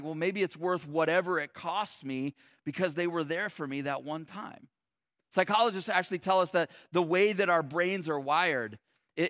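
A man's voice: sits high, a bit bright, dry recording, studio quality. A man preaching a sermon in a loose, conversational way, joking and restarting his sentences often. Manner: conversational and humorous, many restarts and "like". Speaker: pastor.

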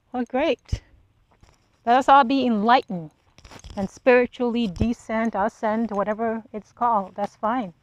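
Solo podcast host, woman, blunt and profane, slightly high voice, dull lo-fi sound. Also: dry recording. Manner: blunt, profane, rhetorical questions. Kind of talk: solo monologue rant.

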